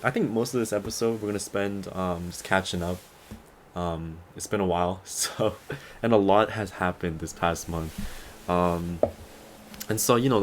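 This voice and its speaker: Young male podcast host, very low voice, loose and rambling, slightly tired, faint background noise. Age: 20s. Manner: rambling and easygoing, with many fillers and chuckles. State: a little tired. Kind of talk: casual solo podcast chat.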